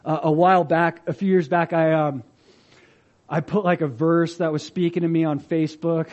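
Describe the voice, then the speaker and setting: A man's voice: on the high side, fairly even intonation, moderate pace, darkish tone, dull audio. A man preaching a sermon as pastor, telling stories animatedly and acting out the voices of the people he quotes.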